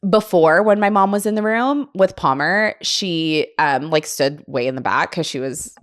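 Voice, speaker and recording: A young woman hosts a podcast and tells a story in a loose, chatty way. Her voice sits a little low, and she acts out the other people's voices. She laughs often as she talks. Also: moderate pace. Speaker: podcast host. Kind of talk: casual storytelling chat.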